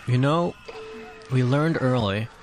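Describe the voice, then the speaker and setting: A young man reacting to a show episode in casual commentary, excitable and swearing often, with sudden loud outbursts. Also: mid-range voice, slow pace, over music. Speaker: reaction video host. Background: show soundtrack playing.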